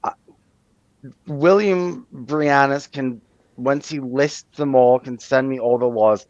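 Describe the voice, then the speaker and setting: A man's voice: medium pitch, slow pace, a little mellow, dry recording. A man hosting a casual live stream, blunt and exasperated, swearing now and then. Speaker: stream host. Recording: dull lo-fi, dry sound.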